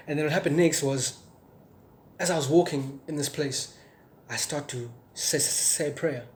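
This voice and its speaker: A man's voice: a little high, moderate pace, a little mellow, a little hiss or hum. Earnest young man telling his testimony. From South Africa. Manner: earnest, with frequent fillers and restarts; stutters sometimes. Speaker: testimony speaker. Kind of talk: personal testimony.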